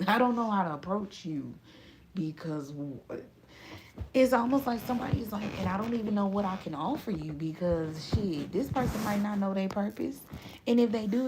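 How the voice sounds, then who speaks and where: A woman, talking straight to her listeners in a casual, profane motivational monologue, laughing often and swinging between slow drawn-out phrases and quick bursts. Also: mid-range voice, a little mellow, a little hiss or hum. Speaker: spiritual reader.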